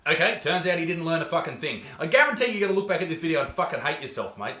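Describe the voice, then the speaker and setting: A man with an Australian accent ranting crudely and excitably as a comedian host reacting to clips, swearing often. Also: a little high, racing, reverberant, raised voice, background noise.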